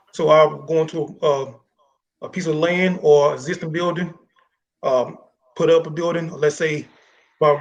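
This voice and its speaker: A man's voice: a little high, poor audio. A man who works as a general contractor, explaining his work plainly on a panel. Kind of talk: panel conversation.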